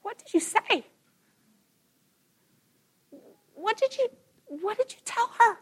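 A woman voicing her twelve-year-old son, a hurt boy close to tears, in a high, soft, strained voice. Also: animated, moderate pace. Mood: hurt, pleading.

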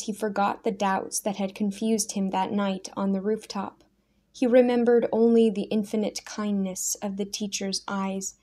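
A woman narrating a story in a soft, measured voice at an ordinary mid pitch. Her reading stays steady and gentle, line after line, in the manner of a recorded audiobook.

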